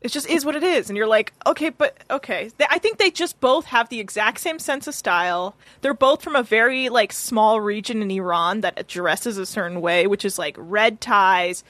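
A woman's voice: medium pitch, normal speed, hardly any pauses, a bit bright, dry recording. A woman chatting as a guest on a podcast, laughing and mimicking her family's voices in anecdotes. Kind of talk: casual chat.

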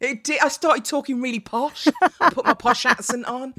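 A woman's voice: high voice, fairly even intonation, moderate pace, pushed and bright. A woman telling a story in casual chat, bubbly and laughing as she talks.

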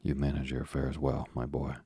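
A man voicing a kindly, fatherly older ship owner in an audiobook, with a gravelly, husky voice. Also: rumbling low, monotone, a little fast, mellow, no echo, clean studio sound, exaggerated voice. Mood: genial. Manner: genial, fatherly. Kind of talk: audiobook character reading.

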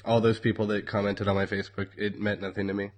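A man's voice: fairly low pitch, level tone, fast. A man co-hosting a casual podcast, talking in a wry, rambling way with many fillers. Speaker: podcast co-host. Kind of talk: casual chat.

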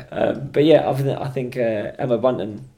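A man's voice: medium pitch, moderate pace, dark tone. A man co-hosting a podcast, bantering and retelling stories in casual chat. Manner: banter with quoted asides. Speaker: podcast co-host.

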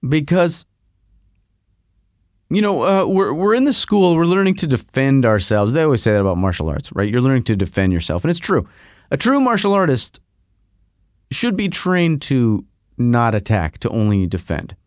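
A man hosting a podcast, telling a rambling story in a casual, animated way with frequent restarts. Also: medium pitch, moderate pace, no echo, studio quality. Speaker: podcast host. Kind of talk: casual monologue.

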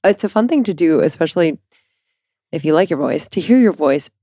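Stuffy-nosed young woman, low and mellow. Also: expressive, a little fast, dry recording, studio quality. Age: young adult. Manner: playful, laughing. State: congested from a recent cold. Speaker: podcast co-host. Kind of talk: casual chat.

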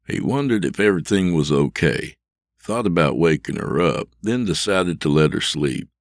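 A man narrating a scripted fiction podcast in a steady, measured storytelling manner, close to the mic. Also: low-pitched, no room sound.

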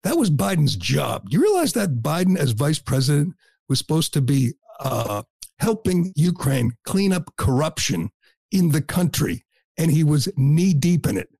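A man's voice: fairly high pitch, sing-song, unhurried, vocal fry, a little mellow, husky, no echo, studio quality. A middle-aged man hosting a talk show, delivering a blunt, combative and scornful opinion monologue.

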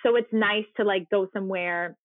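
A woman's voice: medium pitch, steady tone, moderate pace, no room sound. A woman in casual chat, talkative and supportive, heard over a call. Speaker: stage performer. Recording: tinny phone-like dry line.

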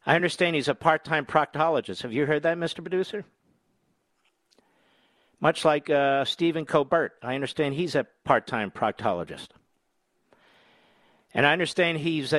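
A man hosting a talk radio show, sarcastic and combative, breaking into loud mocking insults. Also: on the high side, normal speed, no room sound.

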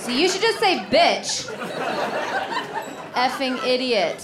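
A woman's voice: high voice, expressive, moderate pace, a loud crowd, heavy background noise. A woman from Illinois performing a stand-up set in a club, sardonic and mock-haughty in her delivery. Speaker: stand-up comedian. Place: comedy club stage. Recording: live club recording with audience laughter.

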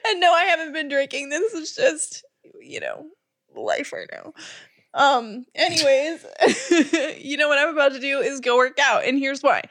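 High, lively woman crying with laughter. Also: measured pace, dry recording, studio quality. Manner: bursting into helpless laughter and tears. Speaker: podcast co-host. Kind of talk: casual chat.

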